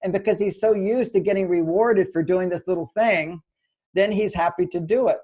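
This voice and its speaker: A man's voice: high voice, normal speed, mellow. An older man giving relationship advice in an interview, explaining steps and acting out both partners in quoted dialogue. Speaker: relationship author and guest.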